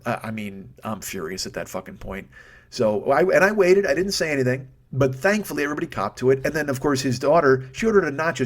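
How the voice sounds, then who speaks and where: A fast-talking man in his fifties spins a long comic story, swearing freely and tripping over his own restarts. His voice sits at an ordinary pitch and swings from quiet asides to loud ranting. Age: 50s. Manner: profane, rambling, self-interrupting with restarts, swings into loud rants. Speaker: podcast host. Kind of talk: comedic storytelling monologue.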